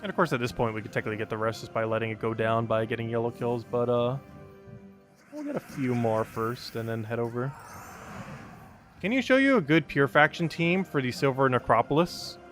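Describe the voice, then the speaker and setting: A man's voice: medium pitch, animated, fairly quick, a bit bright. Chatty male game streamer, music behind. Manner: chatty, laughs often, greets chat viewers. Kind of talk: casual live-stream commentary.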